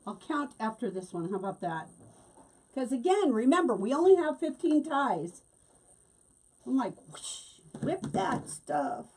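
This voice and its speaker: A woman's voice: high-pitched, sing-song, unhurried, a little mellow, slightly rough. A middle-aged woman hosting a casual craft tutorial, chatting and laughing as she works. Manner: chatty, laughs often, talks while working. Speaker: wreath-making host.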